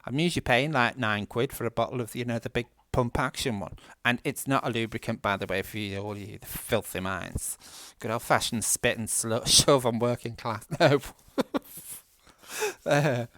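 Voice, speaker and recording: A man with a Manchester accent talks casually while he plays, wandering off on asides and laughing at himself. His voice sits at a middling pitch. The sound is dry and close, with little room around it. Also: moderate pace, fairly bright tone, dry recording. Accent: Mancunian English. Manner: chatty, self-mocking, laughs often, rambling asides. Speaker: gaming vlogger. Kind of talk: casual rambling chat while playing a game. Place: indoors at home.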